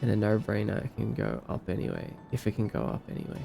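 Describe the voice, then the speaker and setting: Gravelly-voiced Australian man chatting with his stream. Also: fairly low pitch, big pitch swings, quick pace, mellow, soft background music. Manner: playful and easygoing, answers chat with light joking. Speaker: livestreamer. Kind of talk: casual livestream chat, reading viewer comments aloud.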